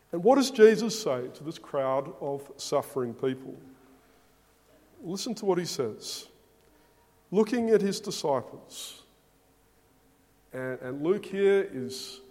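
A man's voice: fairly high pitch, a little mellow. A man preaching a sermon, speaking emphatically and asking rhetorical questions. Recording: long hall reverb.

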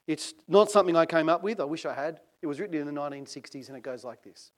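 A man with a slightly high voice preaches a sermon, reading passages aloud with measured, dramatic emphasis that swells on the key phrases.

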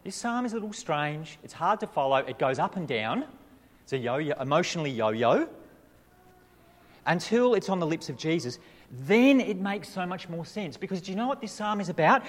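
A man preaching a sermon in a church hall, his voice sitting slightly high and swinging widely up and down. He talks emphatically and leans on rhetorical questions. Every word trails off into a long hall reverb. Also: expressive, normal speed. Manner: emphatic, rising and falling delivery with rhetorical questions. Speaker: pastor.

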